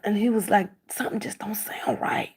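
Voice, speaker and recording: A woman's voice: medium pitch, fairly even intonation, normal speed, darkish tone, slightly rough, in a whisper. A middle-aged woman talking casually to the camera, emphatic and repeating herself as she acts out bits of dialogue.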